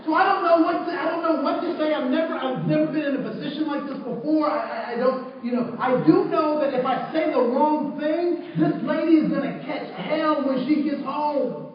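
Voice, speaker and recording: A man speaking to a live audience as a trainer, telling an animated story and acting out the people in it while checking in with his listeners. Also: extremely high pitch, normal speed, hardly any pauses, a crowd in the background. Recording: very echoey hall, far from the mic, lo-fi.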